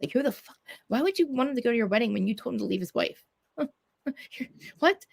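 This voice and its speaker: A woman's voice: fairly high pitch, animated, fast talker, gravelly. A woman from New Jersey, ranting in casual chat, swearing a lot and restarting her sentences. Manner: profane, ranting, many restarts.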